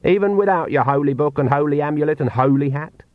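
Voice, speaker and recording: A man's voice: on the high side, fast talker, dry recording, pitched above the performer's own voice, natural voice. A stern, commanding old witch, put on by a male narrator speaks in a raised, clipped register with blunt, wry authority. The reading is dry and a little muffled, as in a close storybook recording.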